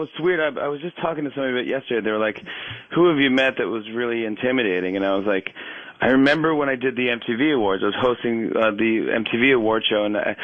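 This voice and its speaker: A man telling stories as a guest on a casual radio interview, animated and laughing often, with many restarts. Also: mid-range voice, no room sound, poor audio. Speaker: talk show host as guest.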